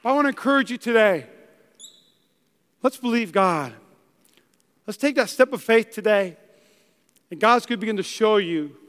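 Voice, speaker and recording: In a church hall with a big-room sound, a young pastor tells stories in his sermon and performs the characters' voices. He speaks at normal speed in a high, expressive, fairly bright voice, pausing often.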